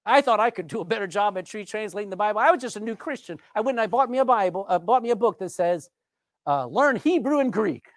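A man from Texas, preaching an emphatic sermon with dramatic pauses and drawn-out words. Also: sits high, dry recording, studio quality.

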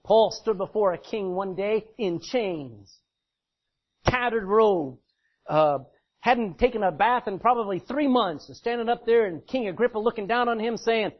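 In a high, husky voice, a middle-aged man preaches in a folksy, emphatic way, rising to loud declarations and dropping to near-quiet asides. His intonation is lively, his pace moderate, and the recording is dull and lo-fi.

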